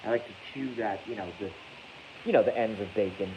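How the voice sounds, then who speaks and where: Speaking briskly in a fairly low voice, this man hosts a livestream where he rambles, jokes crudely, and mocks himself. He reads chat messages out loud as he goes. Faint hiss runs under the dull, lo-fi sound.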